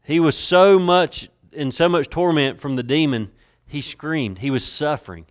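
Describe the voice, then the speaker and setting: A preacher in a church delivering a dramatic sermon, swinging between soft and loud, stretching words for emphasis and restarting phrases as he builds. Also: a little high, clear, resonant tone. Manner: dramatic, varying loudness, drawn-out emphasis; repeats words and restarts while building a point. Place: church sanctuary. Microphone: worn mic.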